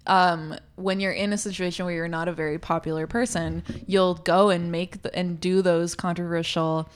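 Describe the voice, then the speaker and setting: A woman's voice: on the low side, steady tone, smooth. Casual woman co-host chatting. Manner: conversational, quick to laugh and agree. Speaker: podcast co-host. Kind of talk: casual chat.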